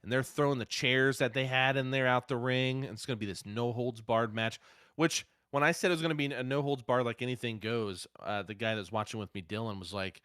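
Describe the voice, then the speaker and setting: A man co-hosting a casual wrestling podcast, excitable and profane, his voice swinging between loud bursts and quiet asides. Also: mid-range voice, brisk, smooth, no echo, studio quality. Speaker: podcast co-host.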